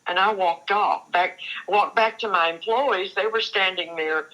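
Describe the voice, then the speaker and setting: An older woman appears as a guest on an interview show, earnestly recounting her own story while halting and restarting her sentences again and again. Her voice is mid-range and a little bright, and the audio quality is poor.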